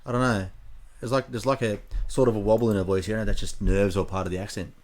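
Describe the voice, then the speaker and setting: A man's voice: on the low side, steady tone, fast, a little mellow. A man hosting a reaction video, chatting casually and musing aloud from outside the US.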